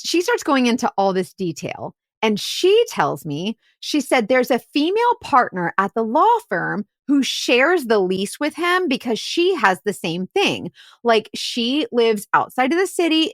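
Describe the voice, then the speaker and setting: Chatty woman investigator with a lively voice. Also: a little high, no echo, clean studio sound. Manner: chatty, fillers like "like" and "right?". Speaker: podcast host and private investigator. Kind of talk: casual storytelling chat.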